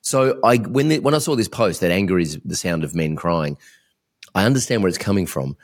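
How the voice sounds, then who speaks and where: Deep-voiced man hosting a podcast. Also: expressive, brisk. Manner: candid, rambling, self-reflective. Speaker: podcast host. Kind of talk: podcast interview.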